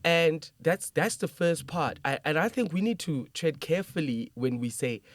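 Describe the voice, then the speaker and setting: Animated man hosting a podcast. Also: on the high side, normal speed, no echo. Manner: animated and emphatic, laughs often. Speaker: podcast host. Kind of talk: conversational podcast interview.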